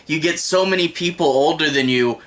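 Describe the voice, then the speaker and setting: Young guy doing a chatty rambly tv review, kinda high voice, bright and punchy. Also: a little fast. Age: young adult. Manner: rambling, conversational, with frequent restarts. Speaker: TV episode reviewer. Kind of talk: casual spoken review.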